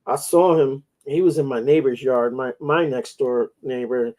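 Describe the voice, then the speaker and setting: A talk-show host speaks at a measured pace in a medium-pitched, slightly mellow voice, over poor audio. In casual chat, he rambles through long stories full of profanity.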